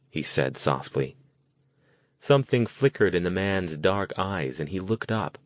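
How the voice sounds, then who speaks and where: A man narrating an audiobook with a steady, even delivery. His voice is very deep and recorded dry and close, with no room sound. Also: unhurried, dry recording. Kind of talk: scripted narration.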